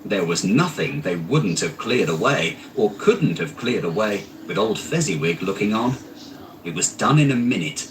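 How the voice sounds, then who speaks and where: A man narrating a classic story aloud in an unhurried, expressive reading while working in an art studio. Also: lowish voice. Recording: distant mic, faint background noise.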